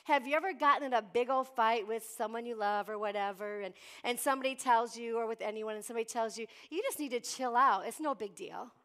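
A woman's voice: on the high side, quick pace, few pauses, fairly bright tone. A middle-aged woman pastor preaching a sermon, calling out to the congregation and acting out voices from the story. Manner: preachy call-and-response, acts out Bible voices.

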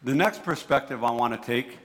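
Brief: man with a New Jersey accent, mid-pitched, preaching in a reverberant hall, casual and repetitive. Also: a little fast, a bit bright. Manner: conversational, repeats himself, restarts words. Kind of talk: sermon.

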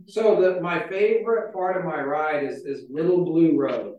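The recording is lo-fi, from a distant mic in a very echoey hall, as a pastor with a slightly high voice preaches at a measured pace. He keeps it casual and conversational, telling stories and using "like" often as filler.

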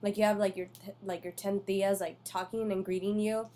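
A young woman chatting on a podcast, sitting a little back from her mic. She speaks easily and agreeably, with plenty of filler words. Her voice sits at an ordinary middle pitch. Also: flat delivery, normal speed, dark tone, a little hiss or hum. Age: young adult. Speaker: podcast co-host. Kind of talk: casual chat. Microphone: podcast mic set farther away.

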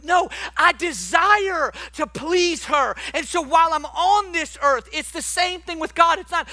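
A young man preaching a sermon, animated, swinging between soft quiet stretches and loud emphatic bursts. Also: very high-pitched, unhurried, hardly any pauses.

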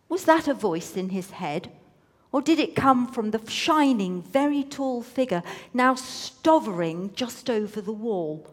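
A woman's voice: on the high side, expressive, unhurried. A woman reading a story aloud with playful, teasing asides, in a room with a long reverb.

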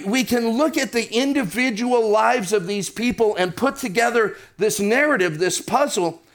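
A man with a high voice preaches a sermon. He reads scripture aloud, then slows down and lifts his voice to press a point home. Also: fairly bright tone. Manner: preaching, slowing down and rising for emphasis.

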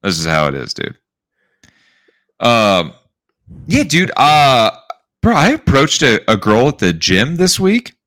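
A man co-hosting a casual podcast, telling stories in an animated way and saying "dude" and "bro" all the time. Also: medium pitch, slow, pauses often, no echo, clean studio sound. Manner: animated storyteller, says "dude" and "bro" constantly. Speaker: podcast co-host. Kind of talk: casual chat.

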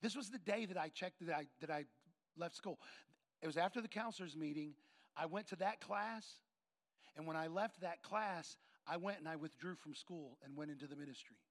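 A man preaches through a personal story. His voice sits high and carries a gravelly edge. He leans into the quoted lines and voices each person in turn. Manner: animated storyteller acting out dialogue. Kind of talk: sermon storytelling.

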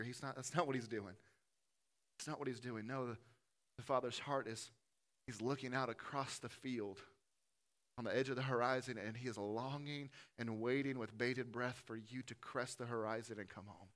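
A man preaching a sermon in a church, impassioned, building to loud lists and dropping to soft pleading. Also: mid-range voice, fairly even intonation, moderate pace. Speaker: pastor.

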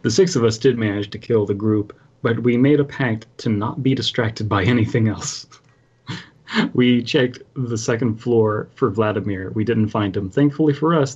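Husky man reading, muffled audio. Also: mid-range voice, a little mellow. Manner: laughs while reading. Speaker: podcast co-host reading a story. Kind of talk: casual comedic story reading.

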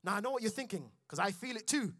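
A man's voice: sits high, expressive, quick pace, fairly bright tone, dry recording, clean studio sound. A man preaching a sermon in church, building intensity and calling out to his congregation. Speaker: pastor.

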